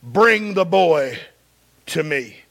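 Preacher doing a stern, weary teacher with a gravelly, slow, solemn delivery. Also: male voice, on the high side, expressive, a bit bright, exaggerated voice. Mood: rebuking. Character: stern, weary male teacher rebuking a faithless crowd. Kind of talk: dramatic scripture reading.

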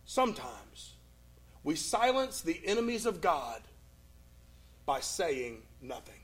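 A man preaching a sermon and retelling a Bible story, with dramatic pauses and swings from loud to hushed. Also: a little high, sing-song.

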